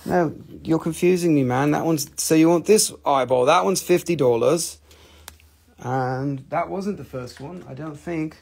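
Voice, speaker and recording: Man, live crystal sale host, joking, rambling, slightly high voice. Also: unhurried, creaky, darkish tone, breathy edge. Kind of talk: casual live sales stream.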